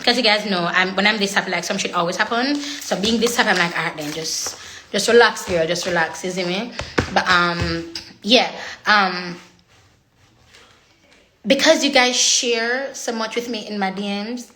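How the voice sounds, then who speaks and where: A woman's voice: mid-range voice, normal speed, pushed and bright, slight background noise. A young woman chatting casually on a phone livestream, slipping into patois and laughing often. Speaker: social media personality.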